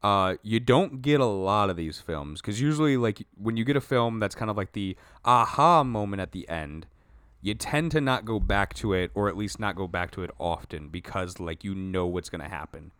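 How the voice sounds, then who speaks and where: A man's voice: lowish voice, expressive, moderate pace, a bit bright, smooth, no room sound, studio quality. A man co-hosting a podcast, talking about favorite films in a laid-back, candid way with some swearing. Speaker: podcast co-host. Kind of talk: casual movie chat.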